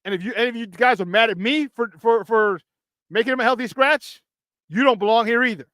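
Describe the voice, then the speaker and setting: Heated high-voiced sports talk host. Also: male voice, fairly quick, a bit bright, no echo. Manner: heated, emphatic, repeats phrases for emphasis.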